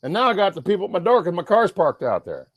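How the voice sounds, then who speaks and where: A man from Washington State in a rambling, profane livestream rant, swinging between mumbling and yelling. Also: sits high, big pitch swings, quick pace, dry recording, highs cut off.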